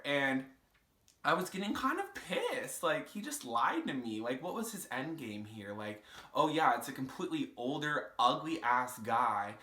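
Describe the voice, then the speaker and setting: A man's voice: medium pitch, very animated, a little slow, pushed and bright. A young man in his twenties telling a storytime, casual and full of "like" fillers and swearing. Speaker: vlogger. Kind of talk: storytime vlog. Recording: echoey room.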